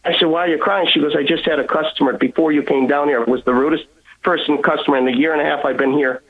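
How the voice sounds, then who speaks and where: A man's voice: on the high side, steady tone, fast, fairly bright tone, poor audio. Earnest man telling his testimony. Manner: earnest, repeats words, acts out voices in his story. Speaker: guest. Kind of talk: personal testimony storytelling.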